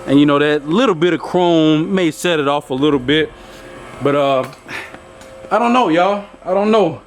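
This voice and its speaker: A man's voice: on the high side, normal speed, slight background noise. A man hosting a casual vlog from his garage, chatting in a laid-back, rambling way and keeping up a running talk with his viewers. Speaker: YouTube channel host fixing up his pickup. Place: home garage. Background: background music.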